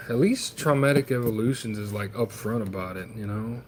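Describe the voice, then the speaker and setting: A man's voice: on the low side, darkish tone, slight background noise. A man streaming himself opening trading card packs, chatting in a rambling, wry, self-deprecating way.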